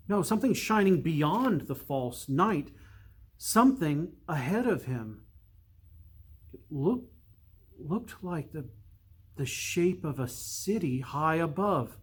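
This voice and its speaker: A priest reading a storybook aloud, slow and measured, dropping to a hush for suspense. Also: male voice, high voice, husky.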